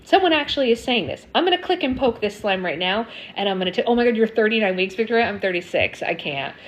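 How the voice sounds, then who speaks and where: A woman's voice: medium pitch, animated, fast talker, poor audio. A woman hosting a casual live stream, chatting and answering viewer comments with frequent ums. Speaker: slime livestream host. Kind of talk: casual livestream chat.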